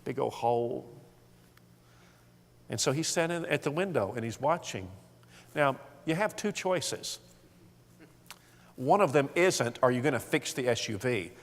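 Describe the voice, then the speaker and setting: Man, marriage seminar preacher, folksy storyteller, mid pitch, long hall reverb. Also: lively intonation, takes it slowly, pauses often. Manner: folksy storytelling, acts out quoted voices. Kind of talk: seminar talk to married men.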